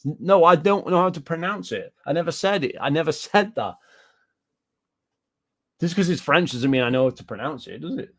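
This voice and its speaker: A man's voice: on the high side, expressive, moderate pace. A British man giving casual reaction commentary on gaming news, ranting and swearing, repeating himself and answering live chat.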